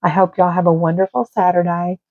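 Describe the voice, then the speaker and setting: A woman's voice: on the low side, little pitch movement, brisk, no echo. A woman, chatting and rambling casually while she colors, sometimes drifting into murmurs. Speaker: art channel host. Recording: tinny phone-like dry sound.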